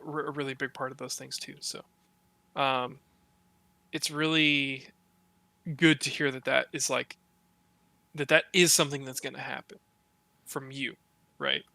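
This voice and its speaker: A man's voice: medium pitch, no echo. A young man hosting a casual podcast, telling stories with lots of fillers and swearing. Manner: swears a lot, many fillers, animated storytelling. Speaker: podcast host.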